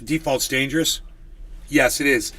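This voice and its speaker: Male streamer, crude sarcastic ranter, bright forceful voice. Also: medium pitch, steady tone, measured pace. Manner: sarcastic, profane, mocking. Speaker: livestream host. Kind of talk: casual ranting commentary.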